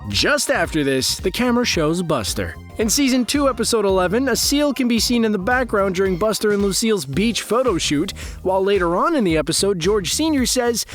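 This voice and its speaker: A man giving scripted narration for an online countdown video, with a lively, animated delivery. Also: sits high, brisk. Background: faint background music.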